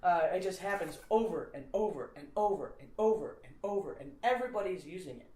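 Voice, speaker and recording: A woman's voice: lowish voice, animated, a little fast, darkish tone, echoey room, rough recording. A woman in a casual conversation, rambling as she explains an idea and filling her talk with "like". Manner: rambling, with many fillers of "like". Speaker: podcast guest explaining a comedy idea.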